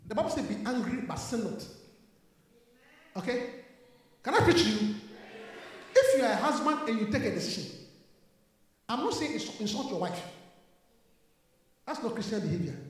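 A man's voice: extremely high pitch, big pitch swings, a little slow, pauses often. A man preaching a sermon, emphatic, repeating his lines and calling out to the congregation. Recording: echoey hall with long reverb.

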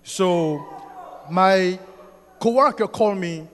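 French-accented guy telling his church testimony, high voice, lots of ums, big echoey hall. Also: slow. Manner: excited storytelling with many fillers and restarts. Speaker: church member giving a testimony. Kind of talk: spoken testimony to a congregation. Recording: long hall reverb.

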